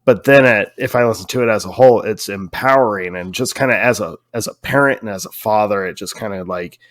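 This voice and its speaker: A man's voice: lowish voice, brisk, no room sound, clean studio sound. A man co-hosting a podcast in casual chat, teasing his co-host and speaking earnestly about what matters to him. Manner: teasing, then earnest and reflective.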